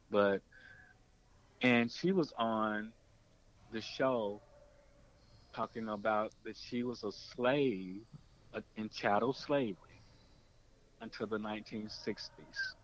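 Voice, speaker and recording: A man's voice: highs cut off, slight background noise. A man, a documentary filmmaker and former radio producer, telling a long story in an interview and acting out the people he quotes. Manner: animated, acts out quoted voices with pitch jumps.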